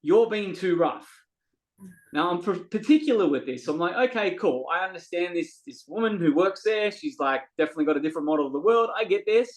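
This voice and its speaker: A man's voice: high-pitched, quick pace, hardly any pauses, rough recording. A middle-aged man, a podcast guest telling a story in casual talk and acting out what people said. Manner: animated, acts out quoted dialogue, frequent restarts.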